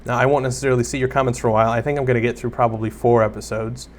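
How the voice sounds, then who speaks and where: A man's voice: mid-range voice, flat delivery, very fast, slight background noise. A young man giving casual Let's Play commentary, rambling and self-deprecating as he chats to viewers and the creatures on screen. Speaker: gaming YouTuber.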